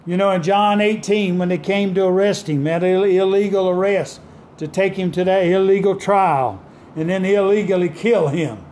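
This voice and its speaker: Male preacher, pitched high, fervent and emphatic, pauses for effect, light background hum. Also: darkish tone. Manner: fervent, call-and-response preaching; dramatic pauses and emphatic quoting of scripture. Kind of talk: sermon.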